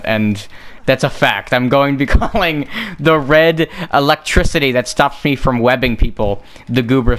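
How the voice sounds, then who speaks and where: A man's voice: medium pitch, a bit bright, clear, resonant tone. A young man giving casual gameplay commentary, rambling on tangents and joking at his own expense. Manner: rambling, joking, self-mocking. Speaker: gaming streamer.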